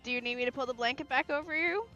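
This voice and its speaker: A woman's voice: high voice, racing, pushed and bright. A young woman streamer chatting casually and animatedly, laughing often and swearing freely. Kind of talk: casual livestream chat. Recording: lo-fi with faint music.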